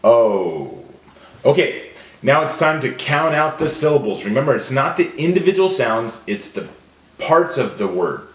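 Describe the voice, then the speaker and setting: A man leading a phonemic awareness drill for children, stretching each word out slowly and clearly. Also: a little high, animated, roomy sound. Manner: slow, drawn-out, deliberate enunciation. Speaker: teacher.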